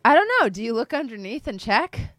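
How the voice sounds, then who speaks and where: A woman's voice: fairly high pitch, animated, brisk, fairly bright tone, no room sound, studio quality. A woman running a tabletop game as game master, narrating playfully and laughing along with her players.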